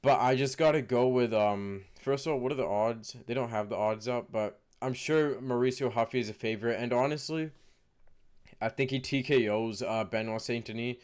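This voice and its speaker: A man's voice: medium pitch, normal speed, darkish tone, clear, resonant tone. A man casually talking through fight predictions to camera in a rambling way. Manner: rambling, many fillers and restarts. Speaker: MMA fight predictions vlogger.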